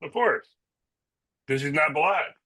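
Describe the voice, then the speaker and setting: A male podcast co-host in casual chat, mostly giving quick reactions and short agreements. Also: fairly high pitch, animated, bright, forceful tone, no room sound.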